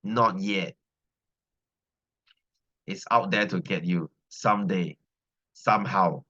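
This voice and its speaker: A man's voice: sits low, slow pace, pushed and bright. Malaysian man, science teacher, loose chatty class banter, keeps repeating lines, dull lo-fi recording. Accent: Malaysian English. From Selangor, Malaysia. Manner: chatty, repeats phrases, keeps asking "right?". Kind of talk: casual class talk with students.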